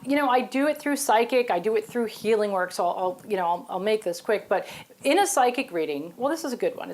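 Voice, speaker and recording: A woman, a psychic guest, telling stories in a lively, chatty way. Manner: animated, storytelling, exclaims in high bursts. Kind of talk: casual interview talk.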